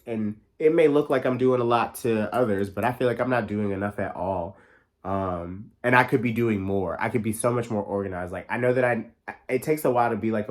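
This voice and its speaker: Fast-talking man in his thirties. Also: lowish voice. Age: 30s. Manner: fast, excitable, lots of "like" fillers and swearing. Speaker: podcast host. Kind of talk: casual solo monologue. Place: New York.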